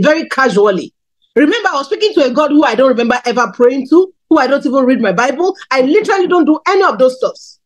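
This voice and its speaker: A woman's voice: brisk, poor audio. A woman in her thirties from Nigeria, candidly telling her personal testimony in a sermon. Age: 30s. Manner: candid storytelling, animated pitch swings. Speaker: preacher.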